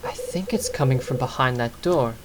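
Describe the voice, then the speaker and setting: A woman's voice: rumbling low, lively intonation, moderate pace, pitched below the performer's own voice. A woman reading the lines of a blunt, sarcastic male detective in a game. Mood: wary.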